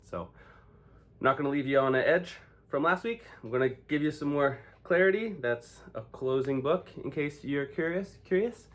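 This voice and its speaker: A man's voice: fairly high pitch, moderate pace. A man vlogging to camera about his training, upbeat and loose, swearing casually. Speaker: fitness vlogger. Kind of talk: casual vlog talk to camera.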